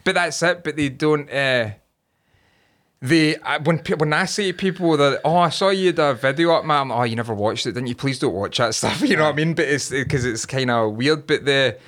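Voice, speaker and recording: A man's voice: on the high side, a bit bright. Rambling Scottish man in his thirties. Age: 30s. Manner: rambling, halting, sweary, says "aye" a lot. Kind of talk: casual chat.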